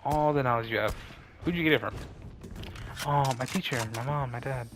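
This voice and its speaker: A man's voice: mid-range voice, brisk, background noise. A young man rambling casually with slang and lots of fillers while he plays a game. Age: young adult. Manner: laid-back slangy rambling with many fillers. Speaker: streamer.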